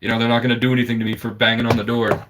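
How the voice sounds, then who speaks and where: A man's voice: medium pitch, level tone, rapid-fire, noisy background. A man telling a personal story in an intense, rambling, conspiratorial monologue.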